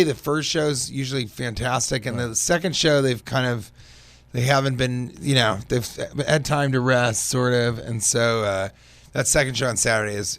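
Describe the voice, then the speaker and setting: Man, comedian guest, animated storyteller, quoted voices, mid pitch, dry close studio sound. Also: dry recording. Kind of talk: casual radio interview. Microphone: studio microphone.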